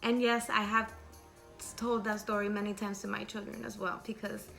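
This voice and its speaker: A middle-aged woman telling a scary story in a chatty, lively way, stopping to ask rhetorical questions. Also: medium pitch, normal speed, gravelly, faint music behind.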